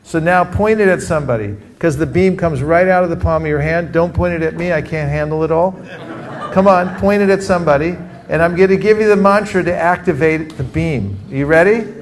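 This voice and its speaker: A man from California teaching a live group in an energetic workshop style, calling for responses from the audience. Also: a little high, fairly quick. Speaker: teacher leading a training session. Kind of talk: interactive workshop talk.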